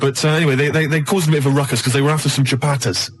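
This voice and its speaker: A man's voice: mid-range voice, steady tone, very fast, a little hiss or hum. An English man telling a rambling comic story as a radio guest, doing little voices for the people in it and checking in with "right?" over and over. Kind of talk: comedic anecdote on radio chat show. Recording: radio broadcast studio.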